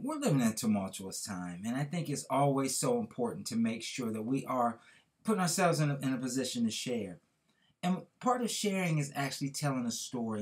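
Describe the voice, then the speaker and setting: An earnest man hosts a podcast and tells a motivational story. He leans on key words with preacher-like emphasis, and his pitch rises and falls in lively swings. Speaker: podcast host.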